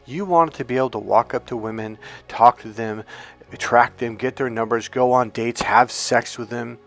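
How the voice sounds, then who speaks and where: A man coaching other men on dating and pitching his course, emphatic and profane, with frequent restarts. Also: steady tone, moderate pace, a bit bright, faint music behind. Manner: emphatic, profane, with lots of restarts and acted-out quotes.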